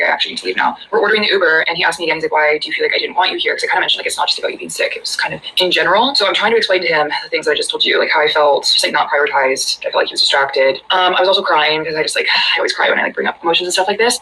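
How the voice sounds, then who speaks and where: Rapid-talking young woman. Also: fairly low pitch, pushed and bright, a little hiss or hum, rough recording. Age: young adult. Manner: rambling, hesitant, full of "like". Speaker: storyteller in a played clip. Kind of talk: personal storytelling.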